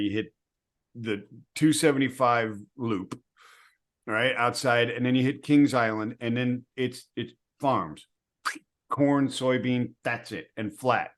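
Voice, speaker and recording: A man's voice: medium pitch, slow pace. A man co-hosting a podcast, chatting casually and telling a rambling driving story, laughing often. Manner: laughs often, rambling road-trip anecdote. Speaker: podcast co-host. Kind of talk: casual chat.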